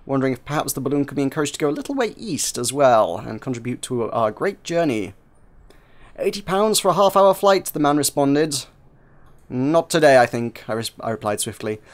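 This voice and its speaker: A man reading a narrative game aloud for viewers, narrating with frequent slips and restarts. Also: medium pitch.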